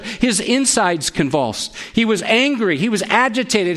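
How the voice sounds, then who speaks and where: Brief: male pastor, high voice, animated sermon storyteller who quizzes the congregation. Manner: animated storytelling, asks the audience direct questions.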